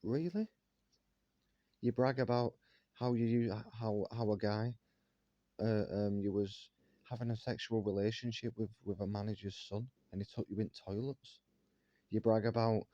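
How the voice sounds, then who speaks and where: Indignant dark-voiced man ranting. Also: on the low side, fairly even intonation, normal speed, no room sound, dull audio. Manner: indignant, fires rhetorical questions. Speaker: vlogger. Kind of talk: monologue rant to viewers.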